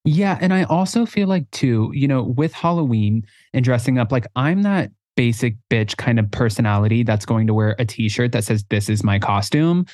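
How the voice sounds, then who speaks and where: Male co-host, playful storyteller who pokes fun at himself, mid pitch, dry close sound. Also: expressive, moderate pace, few pauses, darkish tone, no echo. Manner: playful, storytelling, self-deprecating. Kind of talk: casual podcast chat.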